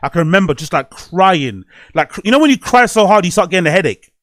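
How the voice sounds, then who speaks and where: A man's voice: high-pitched, lively intonation, fast talker, no echo, clean studio sound. A man hosting a podcast, telling a personal story in a rambling, candid way, swearing often. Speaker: podcast host. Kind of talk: casual podcast monologue.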